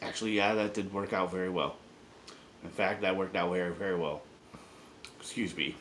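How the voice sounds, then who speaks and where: A man casually reviewing beer and vape juice on his vlog, rambling loosely, swearing freely and often trailing off into quiet mutters. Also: low-pitched, steady tone, normal speed, slight background noise.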